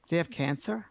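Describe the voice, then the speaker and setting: A man hosting a radio call-in show as a psychic medium, giving a caller warm, reassuring messages. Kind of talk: call-in reading. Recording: dull lo-fi broadcast audio.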